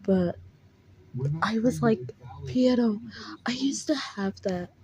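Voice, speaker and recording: A woman's voice: on the high side, slow pace, dark tone, poor audio. A young woman telling a rambling, emotional story about her dreams, full of "like" and restarts. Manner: rambling, heavy use of "like", frequent restarts. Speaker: vlogger. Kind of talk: casual storytelling.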